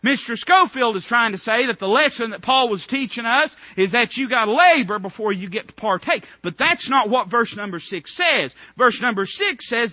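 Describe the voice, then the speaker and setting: Male preacher, high-pitched and emphatic, dull dry lo-fi sound. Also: lively intonation, normal speed, hardly any pauses, no room sound. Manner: emphatic, rising in bursts of repeated phrases. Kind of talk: sermon.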